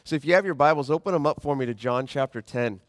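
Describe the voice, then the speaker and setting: A man preaching a sermon as pastor in a conversational, animated way, slowing down when he reads scripture. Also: medium pitch, no room sound, studio quality.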